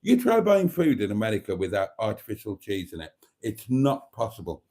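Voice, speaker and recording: A man's voice: fairly low pitch, wildly swooping pitch, brisk, a little mellow. A middle-aged British man hosting a live stream, chatting casually and rambling through jokes and viewer comments. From Britain. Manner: chatty and rambling, with dry jokes and mock outrage. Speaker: livestream host reading viewer comments.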